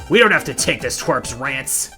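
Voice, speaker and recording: A man voicing a cocky male alien creature with a gruff, dismissive manner. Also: medium pitch, lively intonation, normal speed, bright, forceful tone, faint music behind, exaggerated voice.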